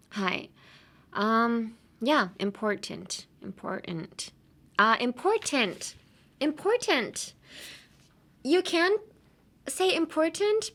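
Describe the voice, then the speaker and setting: A woman in her twenties with a mid-range, slightly bright voice hosts an English-learning podcast. She chats casually through the lesson and laughs often.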